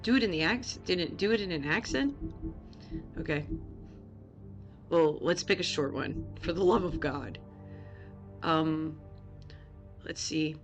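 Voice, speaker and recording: A woman's voice: low voice, slow, pauses often, soft background music. A woman streamer talking casually and joking with chat while playing a game. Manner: chatty, joking, reacting to chat.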